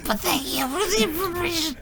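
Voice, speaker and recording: A woman playing a tabletop game, excitable and joking with the group. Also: on the high side. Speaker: player. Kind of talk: casual chat in a tabletop game.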